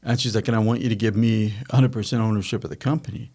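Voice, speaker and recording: A man's voice: lowish voice, steady tone, racing, mellow. A middle-aged man hosting a podcast, telling a family business story in a rambling, self-correcting way and acting out quoted dialogue. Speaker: podcast host, company founder. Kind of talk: casual storytelling chat.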